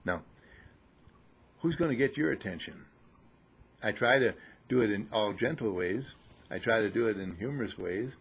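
Male spiritual teacher, gravelly husky voice, lively pitch, teasing and scolding, sermon to disciples. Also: moderate pace, pauses often. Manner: teasing, scolding, mocking laughter.

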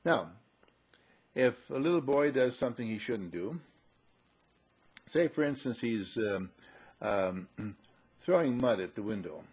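A man's voice: medium pitch, expressive, unhurried, long pauses, darkish tone, breathy edge. A man giving a conversational spiritual talk, repeating himself and asking rhetorical questions. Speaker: spiritual speaker.

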